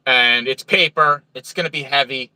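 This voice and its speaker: A man's voice: medium pitch, moderate pace, pushed and bright, dry recording, rough recording. A man from New Jersey with a New Jersey accent, a truck driver chatting casually on a livestream, reading viewer comments and greeting viewers by name from a truck stop.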